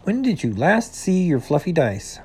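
A man voicing an anxious, excitable female rabbit detective in a storybook. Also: a little high, moderate pace, husky, pitched above the performer's own voice, heavily acted. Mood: fretful.

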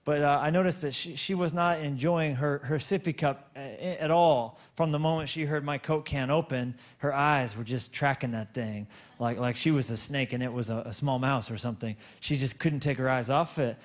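A man preaching a sermon, telling a story with many stammered restarts and repeated words, and slowing down to stretch words for emphasis. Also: medium pitch, steady tone. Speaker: pastor.

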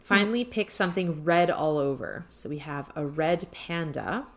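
A woman's voice: deep voice, normal speed. A woman co-hosting a podcast, chatting casually and reading out quiz options one by one. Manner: reads quiz options aloud in a list. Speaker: podcast co-host. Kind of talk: casual chat.

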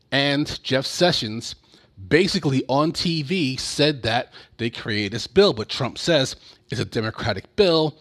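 A man's voice: mid-range voice, fairly bright tone. A man giving casual political commentary in a blunt, sarcastic and profane way.

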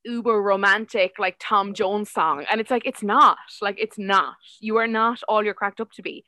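An Irish woman in casual podcast chat, animated and opinionated, using lots of fillers. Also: mid-range voice, normal speed, dry recording. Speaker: podcast co-host.

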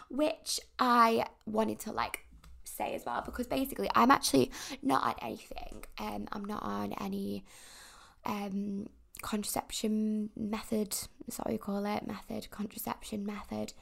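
A woman's voice: medium pitch, creaky, a bit bright. A young woman hosting a podcast, telling a personal story in a rambling, chatty way full of fillers. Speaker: podcast host. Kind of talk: casual confessional chat.

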